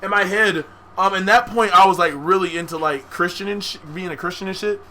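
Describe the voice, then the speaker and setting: A young man with a high, very bright voice tells a story on a casual podcast. He talks in an animated way, full of profane slang, and laughs often. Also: brisk. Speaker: podcast co-host.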